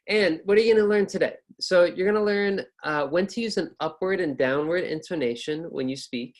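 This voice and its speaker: Upbeat American man teaching a lesson. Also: a little high. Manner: upbeat, chatty, with fillers and restarts. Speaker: ESL and test-prep teacher. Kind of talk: casual online lecture.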